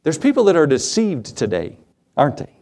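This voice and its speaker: Animated preaching man, fairly high voice. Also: brisk. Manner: animated preaching that acts out Bible scenes in quoted voices. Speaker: pastor. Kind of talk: sermon.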